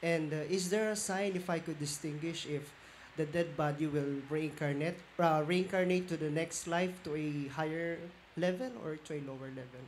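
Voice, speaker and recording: A man's voice: a little high, steady tone, moderate pace. A man in the audience asking a polite, earnest follow-up question. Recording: audience mic with faint room noise.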